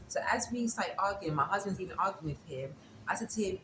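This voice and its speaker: Her voice is lowish and her pace fairly quick as she relates events to an interviewer, voicing the quoted lines herself in a relaxed way. Background noise and room echo are audible.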